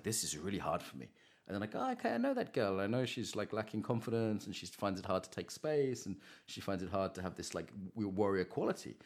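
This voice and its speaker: Podcast guest, male, very low voice, chatty, acts out quotes. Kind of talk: podcast interview.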